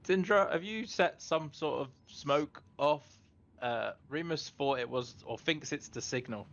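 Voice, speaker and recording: A man voicing an earnest male adventurer, one of a pair of twins, in a tabletop role-play, speaking slowly and deliberately in character. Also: mid-range voice, creaky, highs cut off, natural voice. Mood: calm.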